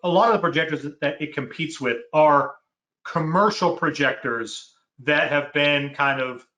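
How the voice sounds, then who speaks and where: A man explaining technical design details in a casual chat, measured and full of fillers. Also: a little high, pushed and bright, dull audio. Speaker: product manager. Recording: roomy echo.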